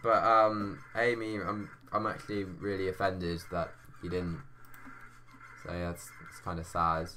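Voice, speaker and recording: A man's voice: low-pitched, level tone, a little slow, sharp tone, a little hiss or hum. A young man chatting casually on a gaming live stream, reading viewer messages aloud and answering them.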